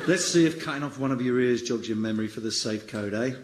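A man acting as a bank robber in a radio comedy sketch, lively and often breaking character. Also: mid-range voice, fast, reverberant, heavy background noise.

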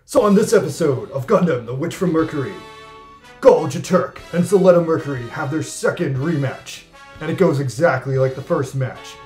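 A man hosting a comedic anime review, rambling and jokey in an excitable way. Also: fairly high pitch, normal speed. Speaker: anime reviewer and channel host. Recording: echoey room with faint music.

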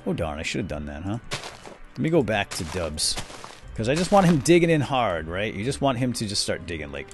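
Lively, low-voiced man telling a game story. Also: brisk, faint music behind. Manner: chatty storyteller, rambling asides. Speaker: host. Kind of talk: casual let's-play commentary.

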